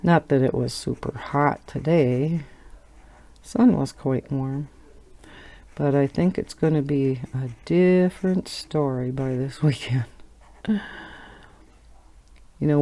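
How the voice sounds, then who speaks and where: A woman's voice: very deep voice, steady tone, slow, long pauses, warm tone. A middle-aged woman with a Wisconsin accent, chatting casually and rambling while she colors, laughing now and then. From Wisconsin, USA. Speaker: coloring channel host.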